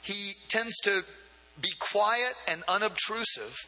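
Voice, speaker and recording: A man's voice: high voice, takes it slowly, sharp tone. A man preaching a sermon as pastor, in a conversational way with frequent asides and repeated words. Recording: long hall reverb.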